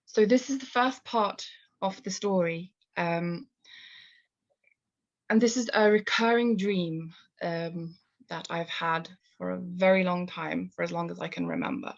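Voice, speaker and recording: A woman from Kashmir, telling a story live in a calm, measured way that turns hesitant and full of fillers when she talks freely. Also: on the low side, vocal fry, dull audio.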